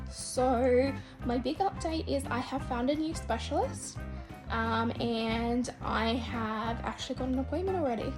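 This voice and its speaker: A young woman chatting casually to camera in her vlog, full of ums, partly from a car. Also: high-pitched. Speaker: vlogger. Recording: voice a bit far from mic, loud music behind.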